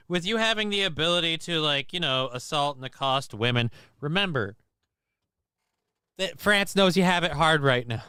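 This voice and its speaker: A man's voice: on the high side, fairly quick, sharp tone, clean tone, dry recording. A man hosting a casual livestream chat, with crude, mocking, profane banter. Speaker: show host.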